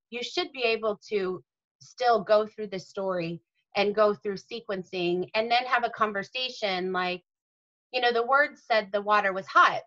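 Earnest woman author as interview guest, bright tone, dull lo-fi sound. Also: mid-range voice. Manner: earnest, detailed explaining. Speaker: author and mother. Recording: dull lo-fi audio.

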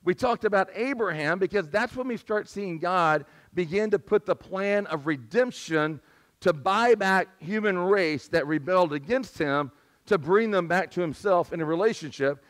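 Male pastor, high voice, squeaky and strained, conversational sermon delivery. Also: moderate pace. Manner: conversational preaching, asks the congregation for responses. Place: church sanctuary.

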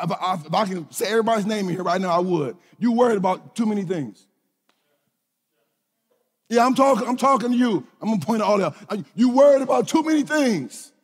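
High, husky preaching man in a reverberant hall. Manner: animated preaching, swinging from shouts to hushed low lines. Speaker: pastor. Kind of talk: sermon.

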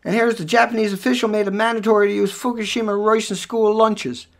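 A man delivering an angry, profanity-filled rant over news headlines, swinging between shouts and low muttering. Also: little pitch movement, quick pace. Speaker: video commentator.

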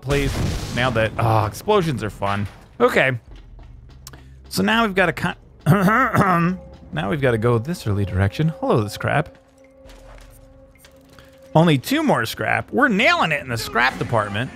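A man's voice: fairly high pitch, sing-song, normal speed, vocal fry, long pauses, a little hiss or hum. A man commentating his own gameplay, chatting casually and taunting enemies in playful bursts. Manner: playful trash talk to enemies, bursts of shouting in fights. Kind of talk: let's play commentary.

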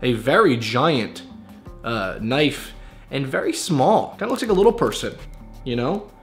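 A man's voice: medium pitch, animated, measured pace, soft background music. A young man hosting a casual vlog, talking to camera in a joking, rambling, offhand way. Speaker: YouTuber host.

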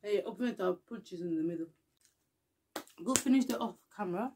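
A young woman talks casually to her camera. Her voice sits at a middling pitch, and she laughs often between lines. She often sinks into quiet, mumbled asides. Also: a little fast, a little hiss or hum. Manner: chatty, laughs often, mumbles and hums softly. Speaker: vlogger.

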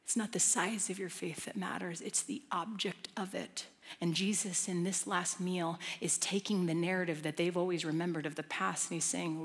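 A woman preaching a sermon in an animated, playful, conversational way, bringing a live congregation along. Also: fairly low pitch, normal speed, breathy edge. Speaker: guest preacher. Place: large church auditorium with live congregation. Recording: long church hall reverb.

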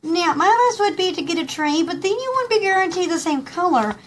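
A woman's voice: extremely high pitch, animated, a little fast, a little hiss or hum. A woman hosting a casual live pearl jewelry showcase, gushing and giggling, rambling with lots of fillers. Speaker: host showing pearl jewelry.

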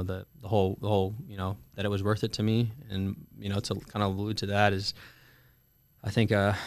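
A young man in his twenties telling a story in a candid, profane way, halting with many fillers in an interview. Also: fairly low pitch, a bit bright, dry recording. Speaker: guest, Marine veteran.

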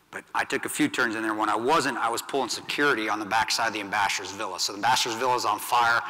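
Intense veteran man speaking in a hall. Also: lowish voice. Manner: blunt, intense, swings from loud to hushed. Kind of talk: storytelling speech to an audience. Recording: long hall reverb.

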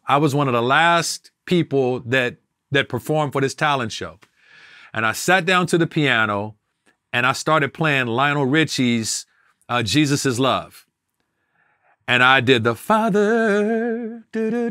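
A man's voice: medium pitch, a bit bright, no room sound, studio quality. A man as an interview guest, telling a personal story with emotion and now and then singing a snatch of a song. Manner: emotional, sings snatches of a song while recounting.

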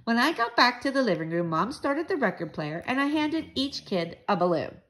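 A woman reading a children's book aloud in an expressive, sing-song way. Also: fairly high pitch, normal speed.

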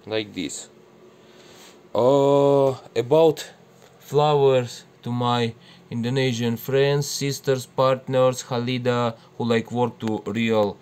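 A man's voice: mid-range voice, darkish tone. A man with Russian as his first language shows his home plants in casual broken English, mixing in Indonesian and Arabic words. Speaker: gardening vlogger. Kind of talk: casual garden walkthrough.

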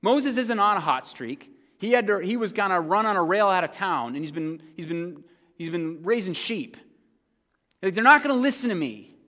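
A man preaching a sermon as pastor, swinging between loud, emphatic points and quiet, low asides. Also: normal speed, in a large hall. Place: church sanctuary.

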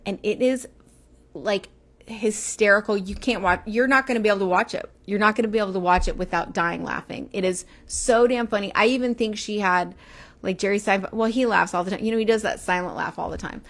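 Chatty woman hosting a livestream. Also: medium pitch. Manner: chatty, rambling, reads and answers viewer comments. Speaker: livestream host. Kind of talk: casual livestream chat.

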